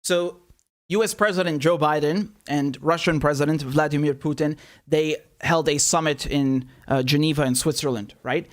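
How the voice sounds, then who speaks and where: A man's voice: on the high side, fairly even intonation, normal speed. A man hosting a political commentary show, ranting with anger and profanity, often repeating himself, then mocking headlines sarcastically. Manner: angry, profane, repetitive ranting.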